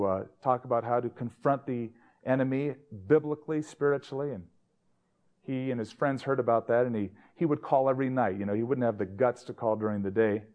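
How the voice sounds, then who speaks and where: Male pastor, mid-pitched voice, conversational storytelling sermon. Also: darkish tone. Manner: conversational, anecdotal.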